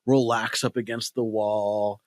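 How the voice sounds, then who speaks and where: A man's voice: fairly low pitch, level tone, a little slow, a little mellow, dry recording, studio quality. A man co-hosting a podcast in casual comedic chat, laughing constantly and rambling through stories. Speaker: podcast co-host.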